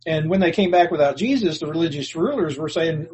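Man, preacher, sermon, earnest and plainspoken, slightly high voice, very husky. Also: fairly quick, hardly any pauses, a little mellow, poor audio. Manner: earnest, plainspoken, restarts words, rises when quoting scripture.

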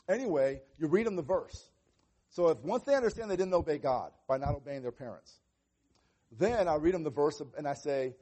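A man with a fairly high voice preaches as a pastor. His delivery is earnest and conversational, and he breaks into short exchanges where he plays both parent and child. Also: darkish tone. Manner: earnest, acts out little dialogues with children. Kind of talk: sermon on parenting.

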